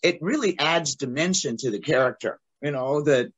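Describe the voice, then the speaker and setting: A woman's voice: low voice, normal speed, slightly rough, highs cut off. A woman, a playwright chatting in an interview and telling stories with a laugh. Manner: animated storytelling with frequent laughs. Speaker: playwright guest. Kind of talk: casual interview chat.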